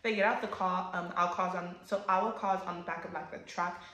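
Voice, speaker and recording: A young woman telling a casual storytime, animated and swearing, acting out what people said. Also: lowish voice, fairly quick, reverberant. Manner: animated, swears, acts out quotes with sudden loud jumps. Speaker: vlogger.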